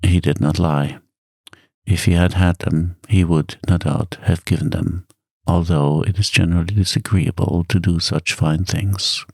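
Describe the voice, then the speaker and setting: Deep gravelly man reading a calm bedtime story. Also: unhurried, dry recording. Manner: calm, soft-spoken. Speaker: audiobook narrator. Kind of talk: soft-spoken ASMR bedtime narration.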